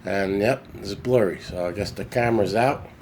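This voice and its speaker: A man's voice: lowish voice, moderate pace, a little mellow, a little hiss or hum. Chatty New man on a phone. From New York. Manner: rambling, chatty, self-correcting. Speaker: podcast host. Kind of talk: casual storytelling monologue. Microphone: phone camera.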